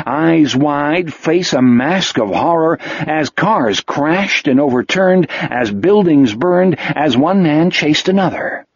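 Husky, lively male audiobook narrator. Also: on the high side, no room sound. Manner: expressive, vivid storytelling. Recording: dull lo-fi dry recording.

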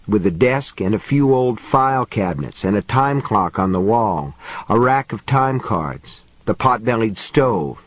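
A man narrating a horror audiobook in a measured, even storytelling voice. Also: medium pitch, dry recording, rough recording.

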